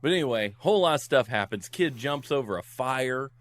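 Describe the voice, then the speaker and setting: Man, podcast guest, casual plot retelling, lively pitch, acts out characters, laughs a lot. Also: fairly quick, no room sound. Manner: animated storyteller who acts out the characters' lines; laughs often while talking.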